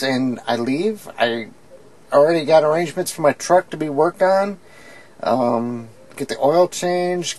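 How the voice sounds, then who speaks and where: A woman's voice: deep voice, darkish tone, slightly rough. A woman chatting candidly in a casual, rambling video diary from her bedroom. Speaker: video diarist. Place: home bedroom, indoors.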